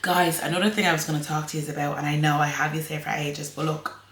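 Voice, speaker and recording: A woman's voice: low-pitched, fairly even intonation, quick pace, a bit bright, reverberant, slight background noise. An Irish woman vlogging casually to camera, chatty and rambling, laughing often. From Ireland.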